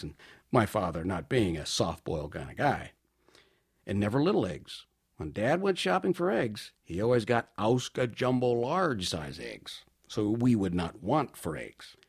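Husky male monologuist, wry and mock-grand, pitch swinging widely. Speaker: monologue performer. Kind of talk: comic storytelling monologue.

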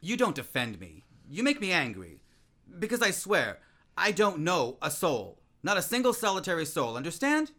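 A man plays a restless, voluble man-about-town in a stage play. His voice sits a little high, and he talks in a bright, ringing tone. He trips over his own words as his lines swoop up and down. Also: moderate pace, heavily acted. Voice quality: voluble and excitable, with frequent restarts. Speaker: actor in a play. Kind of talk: theatrical stage-play acting.

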